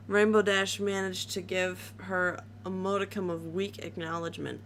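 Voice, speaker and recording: Woman reading a creepy story out loud, mid pitch, bit of hum behind. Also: little pitch movement, moderate pace, few pauses. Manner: casual reading with slips and restarts. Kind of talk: reading a horror story aloud.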